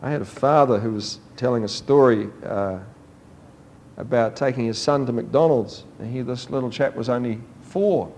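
A man's voice: moderate pace, a little hiss or hum. A man preaching a sermon, telling stories and acting out quoted voices. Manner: animated storytelling, acting out quoted voices with rising pitch.

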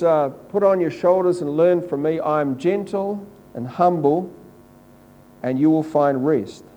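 A man's voice: fairly high pitch, dark tone, poor audio. A man preaching a conversational, earnest sermon and quoting scripture. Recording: faint mains hum.

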